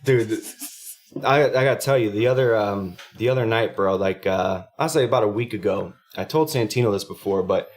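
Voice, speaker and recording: A man's voice: lowish voice, fairly quick, few pauses. A man co-hosting a podcast, telling a story in casual, swearing chat. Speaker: podcast co-host.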